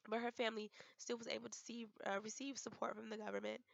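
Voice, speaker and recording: A young woman gives a class presentation in a hoarse, heavily gravelly voice pitched a little high. She speaks haltingly, with frequent fillers and restarts as her voice gives out. The recording is dull and very dry. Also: little pitch movement, dry recording. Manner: hesitant, many fillers and restarts. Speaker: student presenter.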